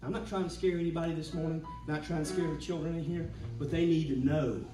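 A man, preaching a sermon as pastor, humming between lines and building to shouts. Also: on the high side, steady tone, fast, roomy sound, far from the mic, music in the background, poor audio. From Georgia, US. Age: 40s. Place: church sanctuary.

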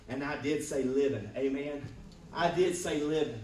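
A man preaching a sermon as pastor, calling "Amen?" to his congregation and swinging between loud bursts and quiet, low passages. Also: normal speed, a little hiss or hum. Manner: preaching with frequent "Amen?" call-outs to the congregation. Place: church sanctuary with congregation. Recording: echoey room, voice from far off.

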